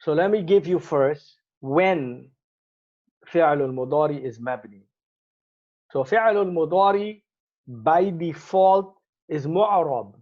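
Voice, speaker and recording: A man teaching an Arabic grammar lesson, explaining step by step and repeating each Arabic word as he goes. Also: on the high side. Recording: slightly muffled lo-fi recording.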